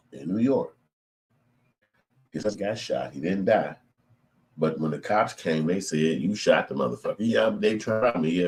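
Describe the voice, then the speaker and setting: A middle-aged man, telling a story in profane, animated casual commentary. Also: deep voice. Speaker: channel host.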